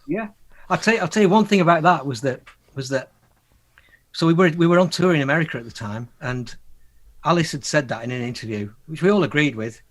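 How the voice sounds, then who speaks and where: A man's voice: a little high, brisk. Male guest, storyteller energy, voices the quotes, laughs through it. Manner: animated storyteller, acts out quotes, laughs often. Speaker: guest musician. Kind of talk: anecdotal interview talk.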